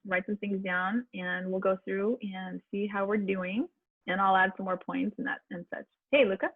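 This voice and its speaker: A woman's voice: mid-range voice, fairly even intonation, moderate pace, dry recording. A woman voice coach teaching a public speaking class online, chatty and encouraging, with fillers and restarts. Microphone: video call. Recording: tinny video-call audio, dry.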